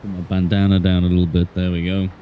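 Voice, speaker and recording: A man's voice: sits low, monotone, fast, narrow, tinny audio, a little hiss or hum. A man streaming a game with casual, playful, self-mocking chat in a put-on Australian accent. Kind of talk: casual gameplay commentary.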